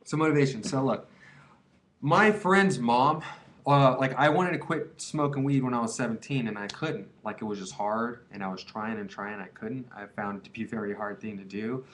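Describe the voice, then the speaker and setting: A man's voice: medium pitch, normal speed, a bit bright, a little hiss or hum. A man in his twenties talking to camera in a casual, confessional way. He rambles and drops a lot of "dude", "man" and "like" as he goes. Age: 20s. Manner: rambling, slangy, many fillers like "dude" and "man". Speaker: vlogger giving advice on quitting.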